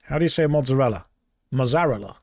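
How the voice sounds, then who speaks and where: A man's voice: fairly high pitch, lively intonation, normal speed, darkish tone, no echo, studio quality. A man streaming a game, reading chat aloud and answering in a playful, exasperated way. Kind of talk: casual gaming stream chat.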